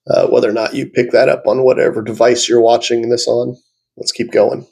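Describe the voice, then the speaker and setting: A man's voice: mid-range voice, fairly even intonation, brisk, creaky, darkish tone. A man hosting a reaction video, chatty and opinionated, with frequent fillers as he shares his views. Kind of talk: casual reaction commentary.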